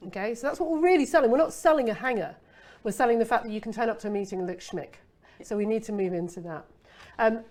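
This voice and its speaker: A woman's voice: on the high side, a little mellow. A middle-aged woman giving a casual copywriting masterclass, chatty and playful, with rhetorical asides to her listener.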